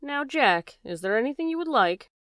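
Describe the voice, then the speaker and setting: A woman voicing a shrewd, calm gentleman detective in an audiobook reading, measured and crisp. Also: high voice, no room sound, clean studio sound, voice pushed up. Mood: coaxing.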